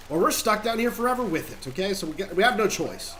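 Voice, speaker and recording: A man's voice: high voice, bright, forceful tone, slight background noise. Chatty man rambling over gameplay. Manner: chatty, rambling, talks straight to viewers. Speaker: gaming channel host. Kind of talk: casual gameplay commentary.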